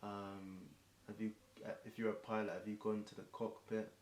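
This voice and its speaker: Low-voiced and flat, a young Englishman freestyles rhymes at a moderate pace as a streamer performing a marathon song. He rambles, self-corrects and restarts with frequent ums, his voice getting hoarse. The room is echoey, with faint background noise.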